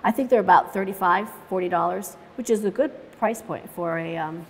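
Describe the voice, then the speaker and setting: A woman's voice: on the low side, fairly quick. A woman teaching watercolor in a live demonstration, chatting through each step as she paints and laughing easily as she tells stories. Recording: long reverb in a large room.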